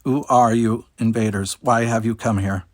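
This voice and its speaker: A man voicing a blustering, proud alien king who shouts his commands. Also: mid-range voice, steady tone, normal speed, no room sound, close to an everyday voice. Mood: commanding. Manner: shouting, imperious.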